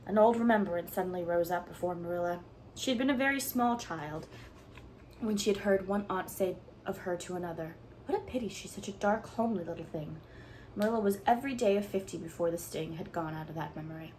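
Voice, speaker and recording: A woman narrating a classic novel aloud in an expressive, measured reading. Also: lowish voice, a little hiss or hum, rough recording. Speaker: audiobook reader. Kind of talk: storybook narration.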